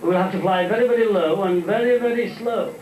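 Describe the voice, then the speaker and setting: Comedian playing an unflappable airline pilot on the speaker, echoey live room. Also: male voice, high voice, brisk, a little mellow, distant mic, natural voice. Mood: calm. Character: calm airline pilot making announcements.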